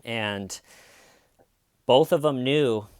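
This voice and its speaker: Man, casual true-crime monologue, indignant, filler-heavy, clear resonant tone. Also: mid-range voice, very slow, darkish tone, dry recording, studio quality. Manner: conversational, indignant, many fillers and restarts. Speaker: podcast host.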